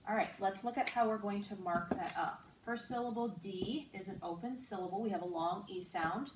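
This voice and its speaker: A woman teacher giving a slow, patient online phonics lesson, spelling out letters and sounds. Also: mid-range voice. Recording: roomy, distant mic with faint noise.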